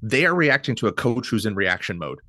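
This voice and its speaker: A man co-hosting a sports podcast, blunt and opinionated, firing back quick rebuttals in casual chat. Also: lowish voice, big pitch swings, sharp tone, dry recording. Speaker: podcast co-host.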